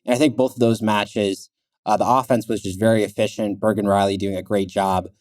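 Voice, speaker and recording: A man co-hosting a sports podcast, talking in a relaxed, easygoing way with lots of "uh"s and "you know"s. His voice sits low. The close mic gives it a dry sound with no room around it. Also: fairly quick, no echo. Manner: relaxed, filler-heavy, chuckles now and then. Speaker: podcast co-host. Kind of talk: casual sports chat.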